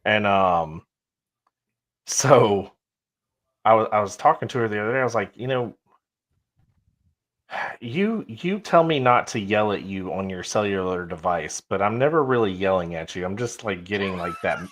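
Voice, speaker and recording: Male podcast co-host, lowish voice, relaxed conversational chat. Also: normal speed, long pauses. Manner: relaxed, conversational, with frequent fillers and clears his throat. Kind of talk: casual chat.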